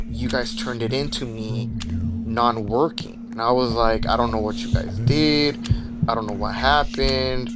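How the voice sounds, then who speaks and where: Rambling young man, noisy recording. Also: medium pitch. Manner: rambling, filler-heavy, swears, breaks off to react to the game. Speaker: gaming channel host. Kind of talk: rambling story time over horror gameplay. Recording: noisy recording with steady background noise.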